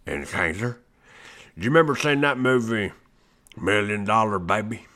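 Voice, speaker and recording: A man puts on a folksy grump with a drawl. The voice sits low but bright and sharp, with big swings in pitch as he blusters on. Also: expressive, normal speed. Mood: ranting. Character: gruff opinionated Southern man ranting about movies. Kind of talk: comedy bit on a podcast.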